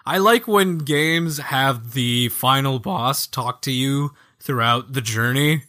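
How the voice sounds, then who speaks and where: A man co-hosting a podcast, chatting casually about video games in a jokey, animated way and acting out lines from the game. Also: medium pitch, slow pace. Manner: animated, jokey, acts out quoted game characters. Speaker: podcast co-host.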